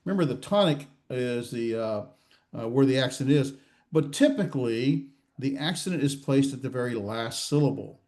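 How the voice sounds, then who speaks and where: A man lectures a grammar class in a warm, mellow voice. He stops often with "uh" and restarts his phrases. He keeps throwing questions at his students. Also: mid-range voice, animated. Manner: halting, many fillers and restarts, quizzing students. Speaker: Hebrew grammar instructor. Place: classroom or online class session.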